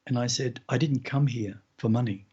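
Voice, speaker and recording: Podcast guy telling his story slow and earnest, kinda husky, muffled lo-fi audio. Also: mid-range voice, a little mellow. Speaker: podcast host. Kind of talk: first-person storytelling.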